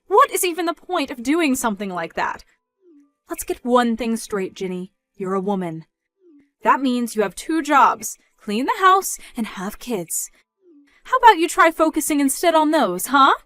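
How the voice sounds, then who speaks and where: Woman playing a middle-aged mother, controlling, scornful, animated pitch, dry sound. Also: no room sound. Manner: mocking, nagging and incredulous. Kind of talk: scripted story dub.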